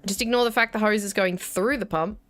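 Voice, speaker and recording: A woman's voice: medium pitch, a little fast, fairly bright tone. An Australian woman in her thirties giving casual, wry gameplay commentary and talking herself through each step. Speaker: gaming video host. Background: faint game music and keyboard typing.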